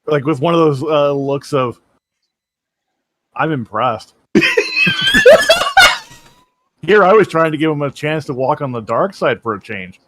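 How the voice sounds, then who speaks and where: A man playing a tabletop game, halting as he describes his character's actions. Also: a little high, lively intonation, a bit bright, slight background noise. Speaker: player. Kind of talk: tabletop role-play chat.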